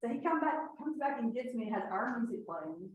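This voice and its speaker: Sixties woman, lively folksy speaker; echoing hall, distant mic. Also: on the high side, fairly quick, slight background noise. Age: 60s. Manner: folksy, lively storyteller, laughs often. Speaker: retreat speaker. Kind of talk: inspirational talk to an audience.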